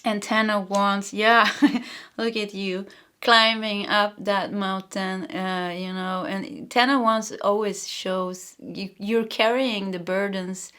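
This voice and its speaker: A woman's voice: medium pitch, fairly even intonation, takes it slowly, sharp tone, smooth. A woman from Sweden, a native Swedish speaker, giving an earnest, emotional pick-a-card tarot reading with many fillers. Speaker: tarot reader.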